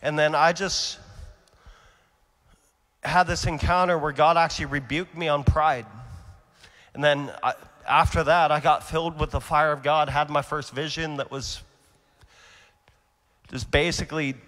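A young adult man preaching his testimony at a conference, earnest and animated, swinging between loud and hushed delivery. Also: fairly high pitch, unhurried, long pauses. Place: large conference hall. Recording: long hall reverb.

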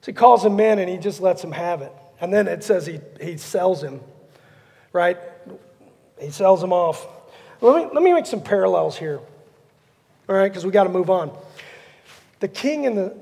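A man with a strikingly high-pitched voice and a rough, gravelly edge delivers an animated sermon. He tells the story with energy and acts out the characters. His words hang in the long reverb of a church sanctuary. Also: normal speed, long pauses. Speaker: pastor.

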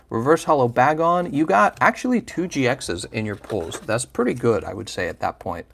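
A man's voice: mid-range voice, lively intonation, normal speed, gravelly, fairly bright tone, husky. A man hosting a livestream, chatting casually and playfully while opening trading card packs and teasing viewers by name.

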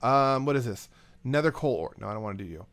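A let's play host talks fast in a mid-range voice, giving casual, rambling gameplay commentary. He gets excited and chats to the items he handles.

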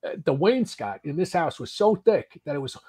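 A man in his early sixties from the United States, a podcast guest telling firefighting stories casually, animated and swearing, with frequent restarts. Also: on the high side, normal speed, slightly rough. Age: 60s. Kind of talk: casual storytelling.

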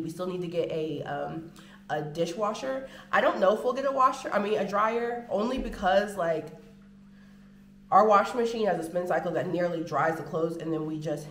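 A woman's voice: on the low side, a little hiss or hum. Chatty American woman in an echoey room. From United States. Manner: chatty, animated, drawn-out filler words. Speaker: vlogger. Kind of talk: casual chat to camera. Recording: roomy home room echo.

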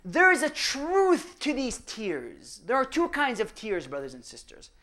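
A man giving a religious lecture, firing rhetorical questions at the audience and swinging between loud emphasis and hushed asides. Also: very high voice, big pitch swings, measured pace. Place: mosque or Islamic center hall.

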